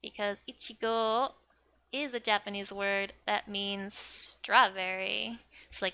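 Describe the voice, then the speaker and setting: A young woman explains vocabulary at an unhurried pace, her slightly high voice bright and edged with vocal fry. She chats casually, with plenty of "like" and frequent laughter. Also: steady tone. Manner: chatty, laughs often, filler "like". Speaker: language teacher.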